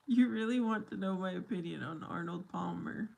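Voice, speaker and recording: A woman's voice: fairly low pitch, normal speed, vocal fry. A middle-aged woman hosting a casual livestream chat with her viewers, silly and giggly. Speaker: livestream host.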